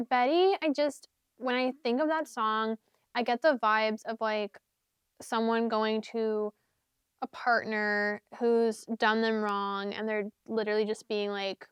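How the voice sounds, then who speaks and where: Talking about books and songs on her vlog, this young woman speaks in a fairly high, clean voice with no room sound. It's a casual, rambling chat packed with fillers and "like"s, and she sometimes half-sings lyrics.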